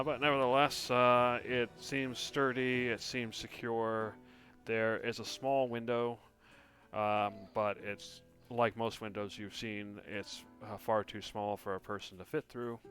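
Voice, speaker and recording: A man with a lowish voice serves as game master, laying out a tabletop scene in loose, rambling talk full of ums and restarts. Soft music plays faintly behind him. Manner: rambling, hesitant, many fillers and restarts.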